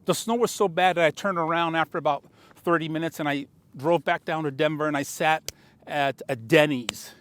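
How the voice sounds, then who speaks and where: A man in his sixties, a car dealer, telling a motivational story to the camera in an animated, building way. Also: on the high side, normal speed. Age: 60s.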